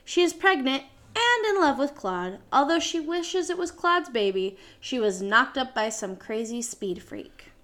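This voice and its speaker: A woman's voice: sits high, big pitch swings, measured pace, few pauses, a bit bright. A woman co-hosting a podcast, reading out a show synopsis from a script with small slips and self-corrections. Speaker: podcast co-host.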